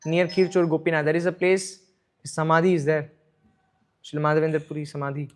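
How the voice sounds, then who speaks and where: Brief: emphatic male scripture teacher, high voice, echoey room. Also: little pitch movement, fast. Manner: emphatic, repeating points, asks listeners "right?". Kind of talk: devotional scripture class.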